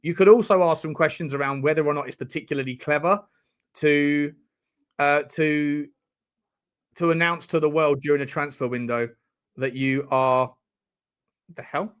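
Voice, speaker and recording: A man's voice: a little high, fairly even intonation, moderate pace, pauses often, fairly bright tone, clear, resonant tone. A man hosting a casual live-stream chat, joking around and reading out viewer messages. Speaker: livestream host.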